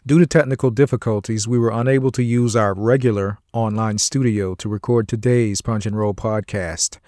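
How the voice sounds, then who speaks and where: A man's voice: on the low side, fairly even intonation, moderate pace, a little mellow, dry recording. Male podcast host, friendly announcer, casual delivery, dry mic.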